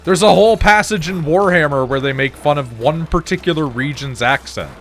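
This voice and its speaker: A man's voice: fairly high pitch, brisk, a bit bright, faint music behind. A man casually commenting on a game he is playing while chatting with his viewers, loose and profane. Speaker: streamer.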